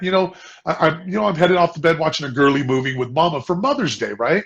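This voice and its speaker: A man with a gravelly edge to his voice tells a story on a casual business chat show. His delivery is earnest and heartfelt, and he often repeats words as he goes. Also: on the high side, quick pace, fairly bright tone, muffled recording. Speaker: co-host.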